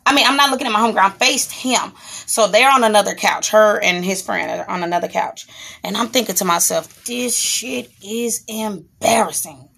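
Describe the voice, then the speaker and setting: A woman speaks fairly quickly in a mid-range, gravelly voice with a fairly bright tone. As a vlogger, she tells a personal story in a rambling, candid, foul-mouthed way, sometimes stopping to scold her child.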